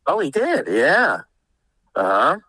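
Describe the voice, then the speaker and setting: A man's voice: on the high side, wildly swooping pitch, slow, pushed and bright, slightly rough, dry recording, poor audio. A man co-hosting a podcast, telling profane stories in casual chat. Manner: profane, laughing anecdote-teller. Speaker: podcast co-host.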